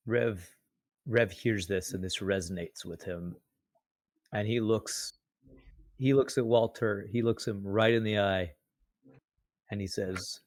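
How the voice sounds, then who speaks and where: A man taking part in a tabletop role-playing game, calmly describing his character's moves. His voice sits low. The recording is close and dry. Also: slow, pauses often, dry recording. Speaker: player. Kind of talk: casual tabletop game narration.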